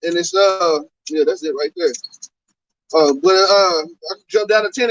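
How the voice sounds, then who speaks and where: Man, high-ish voice, halting scripture reader, muffled dry recording. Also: fairly bright tone, no echo. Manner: halting reading with fillers. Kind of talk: reading scripture aloud. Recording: dull, lo-fi dry sound.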